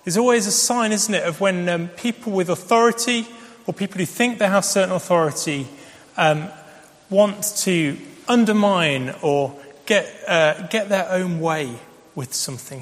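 High-voiced male preacher. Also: measured pace, a bit bright. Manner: storytelling, conversational with fillers. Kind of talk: sermon. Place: church. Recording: long reverb of a large church.

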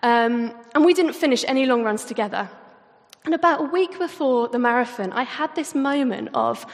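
A woman's voice: a little high, lively intonation, a little fast. Young woman preaching in an echoing hall. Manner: earnest, self-deprecating and chatty. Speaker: youth speaker. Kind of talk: sermon talk with storytelling. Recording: reverberant hall.

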